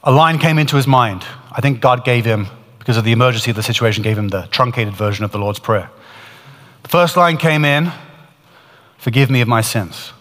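A man's voice: medium pitch, animated, brisk, a bit bright, big-room sound. A man preaching, retelling a testimony in earnest, building storytelling with frequent restarts. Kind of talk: storytelling sermon.

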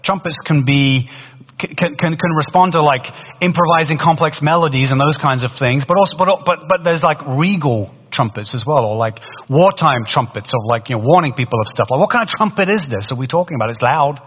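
A man preaching a sermon in a lively, conversational way, with a faded British accent and many restarts. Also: fairly high pitch, a little fast, breathy edge. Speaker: pastor. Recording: dull sound in a long-reverb hall.

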